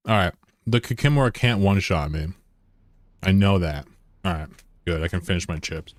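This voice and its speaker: Deep-voiced guy streaming a game from his room, cursing a lot, just shooting the breeze with chat. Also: normal speed, long pauses, no echo. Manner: rambling, swears freely, talks to chat. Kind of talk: casual live-stream chat while gaming. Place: room at home with a window.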